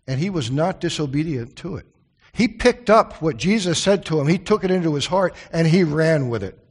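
Male preacher, Bible study sermon; slightly high voice, earnest, drifts into casual asides. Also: expressive, normal speed, slightly rough. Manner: earnest, with chatty asides and restarts.

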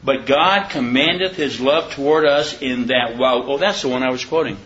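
A man's voice: mid-range voice, fairly bright tone, highs cut off. Conversational man preaching a Bible study. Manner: conversational, asks the listeners questions; reads scripture slowly and deliberately. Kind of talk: informal Bible study sermon.

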